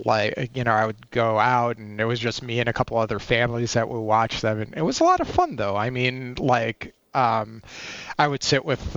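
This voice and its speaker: A man's voice: mid-range voice, fairly bright tone, dry recording, lo-fi sound. A man in his forties, a podcast guest telling a personal story in a rambling way, full of fillers and restarts. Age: 40s.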